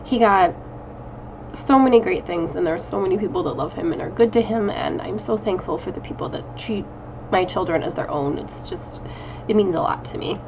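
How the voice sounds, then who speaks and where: A woman in her thirties talks through a casual personal check-in vlog in a low, gravelly voice. She rambles and pokes fun at herself, with a faint hum of the room behind her. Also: a little fast. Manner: chatty, rambling, laughs often, self-deprecating. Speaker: witchcraft vlogger.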